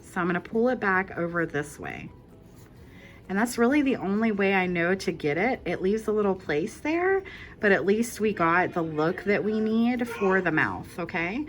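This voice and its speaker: A woman's voice: mid-range voice, animated, normal speed, faint music behind. A woman hosting a casual crochet tutorial, walking through each step in a chatty, reassuring way and correcting herself as she goes.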